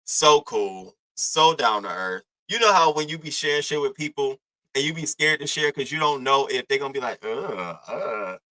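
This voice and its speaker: Bright-voiced young man streaming commentary. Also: fairly high pitch, moderate pace, rough recording. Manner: loose, profane, slangy, shouts out chatters. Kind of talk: casual live-stream commentary.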